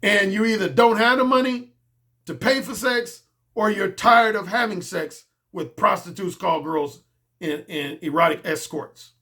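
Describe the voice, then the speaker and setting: Male dating coach, high forceful voice, blunt and profane, hammers points by repeating them. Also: measured pace. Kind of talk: blunt casual monologue.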